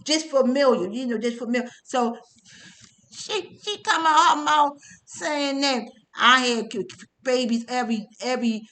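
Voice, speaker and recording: High-voiced rambling middle-aged woman. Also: moderate pace, bright, forceful tone. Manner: rambling and profane, with many stammers, filler sounds and tag questions. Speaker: testimony speaker. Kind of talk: casual personal storytelling.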